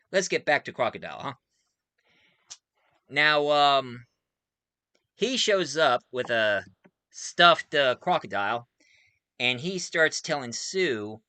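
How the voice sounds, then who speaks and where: A man in his forties reviews a movie in a put-on Australian accent. He talks in a chatty way, corrects himself often, and laughs between remarks. His voice is bright and forceful, and the recording is dry and close. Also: fairly low pitch, dry recording. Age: 40s. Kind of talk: casual video review.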